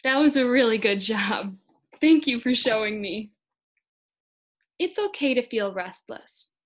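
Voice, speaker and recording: A young woman in her twenties giving a children's read-aloud lesson, speaking gently and encouragingly to young kids. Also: on the high side, expressive, measured pace. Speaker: speech-language pathology student teacher.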